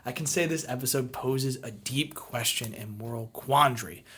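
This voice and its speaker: A video essayist reviewing a TV episode, swearing freely and swinging between excited shouting and quiet reflection. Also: medium pitch, normal speed, slight background noise. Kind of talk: impassioned review commentary.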